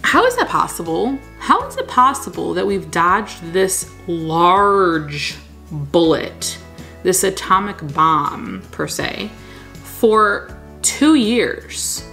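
Woman, plant vlogger, gravelly fry, casual Q&A chat, soft music behind. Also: lowish voice, big pitch swings, slow. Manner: chatty and candid, laughs often. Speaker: plant vlogger and wedding photographer.

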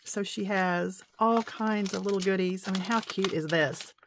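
A middle-aged woman vlogging about paper crafting in a casual show-and-tell, excitable and gushing, rambling and getting tongue-tied as she goes. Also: mid-range voice, normal speed, background noise.

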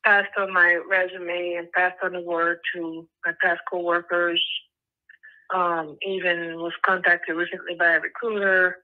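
Woman caller, monotone, tinny phone line, matter-of-fact, rambling. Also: fairly low pitch, measured pace. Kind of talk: phone-in question.

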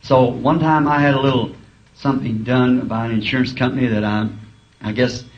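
A man's voice: medium pitch, fairly even intonation, moderate pace. A man preaching a sermon in a school auditorium, telling folksy, humorous stories. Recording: dull archival tape, faint hiss.

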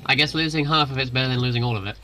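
Fast, bright-voiced man with dry quips. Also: mid-range voice, soft background music. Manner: dry, quick-witted quips. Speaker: friend in voice chat. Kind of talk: casual voice-chat banter.

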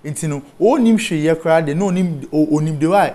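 A cybersecurity guest with a Ghanaian accent explains online safety step by step in a studio interview, spelling out terms letter by letter. His fairly high voice is mellow, and he keeps a moderate pace.

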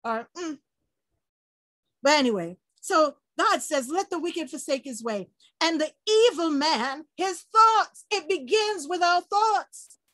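A woman gives an informal online sermon at an unhurried pace, lively and laughing often. She acts out the people she quotes in character voices, swinging between sudden shouts and low murmurs, and the recording is dry.

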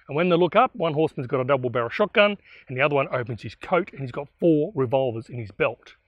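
A man retelling a historical bushranger tale in a casual, animated way with asides. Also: medium pitch, fast, no echo, muffled recording. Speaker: storyteller. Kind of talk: spoken historical storytelling.

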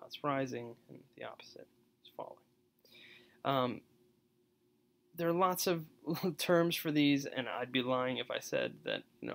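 A man's voice: mid-range voice, gravelly, a bit bright. A man giving a casual poetry lecture, rambling with lots of fillers and small laughs.

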